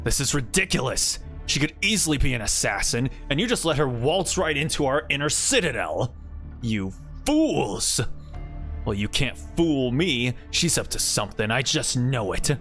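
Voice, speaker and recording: A man's voice: mid-range voice, very animated, normal speed, fairly bright tone, faint music behind. A man voicing a suspicious, grumpy male swordsman, talking indignantly in a game read-along. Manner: indignant, accusing.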